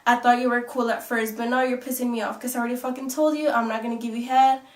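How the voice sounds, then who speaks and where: A woman's voice: fairly high pitch, fairly even intonation, fast, recorded from a distance. A young woman vlogger telling a story in a rambling way, full of fillers and swearing. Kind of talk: casual storytelling. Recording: echoey room, off-mic.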